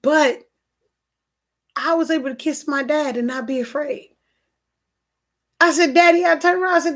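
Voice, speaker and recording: A woman with a high voice talks to her live-stream viewers from home. She tells a personal story earnestly, repeating phrases and restarting sentences as she goes, and stops to answer comments from the chat. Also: normal speed, long pauses, fairly bright tone. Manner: earnest, repetitive, restarts often.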